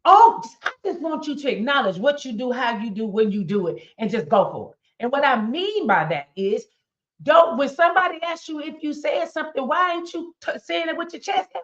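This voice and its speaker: A woman's voice: high-pitched, animated, moderate pace. A middle-aged woman, giving a motivational talk in a preaching style and asking her audience pointed questions. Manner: emphatic, addresses audience directly with questions. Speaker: motivational speaker. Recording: dull lo-fi recording.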